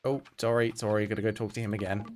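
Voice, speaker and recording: A man's voice: fairly low pitch, level tone, fast talker, background noise. A male streamer giving dry, sarcastic commentary while playing a game.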